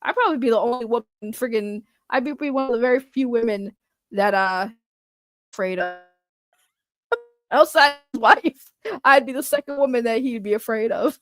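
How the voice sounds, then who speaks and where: A woman with a high, bright-sitting voice reacts in casual commentary, laughing often and cursing without a filter. Her voice is close and dry, with no room sound around it. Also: moderate pace, long pauses, no echo. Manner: animated, laughs often, swears freely. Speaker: reaction video host.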